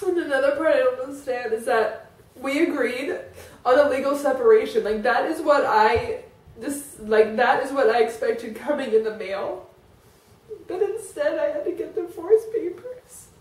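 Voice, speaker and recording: A woman's voice: sits high, lively intonation, moderate pace, darkish tone. A woman talking in a rambling, emotional way for a personal confessional vlog, with many fillers. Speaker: vlogger. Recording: echoey room, voice from a distance.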